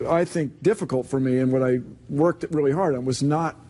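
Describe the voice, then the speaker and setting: A man being interviewed, explaining his views in a measured, conversational way. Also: mid-range voice, warm tone, a little hiss or hum. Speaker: interview guest.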